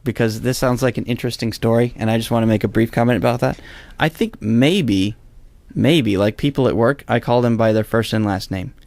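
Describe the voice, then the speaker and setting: A man's voice: medium pitch, a little fast, a little mellow, dry recording. A young man hosting a casual podcast chat, rambling and correcting himself as he goes. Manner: rambling, self-correcting, chuckles often. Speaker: podcast host.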